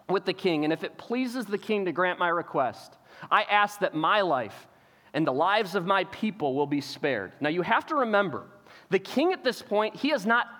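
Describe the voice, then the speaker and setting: Midwestern male pastor, animated storyteller, high voice, long church reverb. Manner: animated storytelling, acts out quotes, frequent restarts. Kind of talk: sermon. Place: church auditorium.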